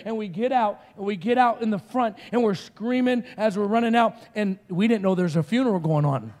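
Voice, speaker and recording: A middle-aged man preaching as a guest speaker, telling stories with animated energy and shouted outbursts. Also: high-pitched, fairly quick, hardly any pauses, big-room sound, some chatter behind. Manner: animated storytelling, shouting quoted screams. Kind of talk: sermon.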